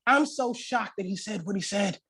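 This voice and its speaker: A man giving a guest sermon at a church service, telling stories with lively acted-out quotes and dropping into soft, slow reflection. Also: husky. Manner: animated storytelling with acted-out quotes; slows to soft, low-voiced reflection. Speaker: guest speaker.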